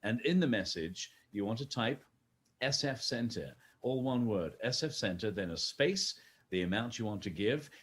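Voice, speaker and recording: A man's voice: on the low side, lively intonation, moderate pace, fairly bright tone. A man co-hosting a virtual fundraising gala, chatty and joking as he urges viewers to give. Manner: chatty, jokey, urging viewers to donate. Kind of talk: scripted event hosting with playful banter.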